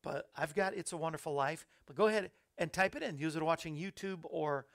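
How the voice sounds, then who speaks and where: Male host, gravelly voice, friendly running chatter into a studio mic. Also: on the high side, brisk. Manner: chatty, reads viewer comments aloud, upbeat asides. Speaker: show host. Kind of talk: casual live-stream chat. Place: small studio under hot lights. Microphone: studio microphone.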